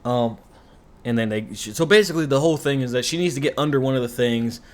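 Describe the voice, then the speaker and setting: A man's voice: medium pitch, fast. A man recapping a TV show in a rambling, profane, sarcastic rant, full of asides and complaints. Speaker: commentary YouTuber.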